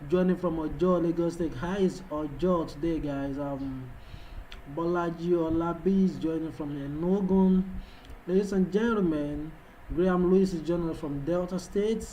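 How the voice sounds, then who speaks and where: On a low-quality recording with slight background noise, a Yoruba-speaking Nigerian man hosts a trading livestream in a slightly high, dark, steady voice at normal speed. As a trading analyst chatting live with viewers, he hypes them with repetitive calls in an affected foreign-sounding English accent.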